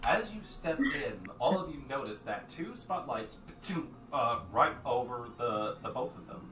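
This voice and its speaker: A man narrating as game master of a tabletop game, lively and quick to jump into shouting voices for the figures. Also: mid-range voice, music in the background. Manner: animated, jumps into shouted character voices. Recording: echoey room from far off, faint noise.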